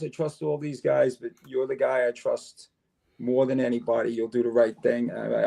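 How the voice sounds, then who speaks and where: Gravelly older New man telling stories. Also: medium pitch, moderate pace. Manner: animated storyteller, acts out dialogue. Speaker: podcast guest, retired fire chief. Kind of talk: casual storytelling interview.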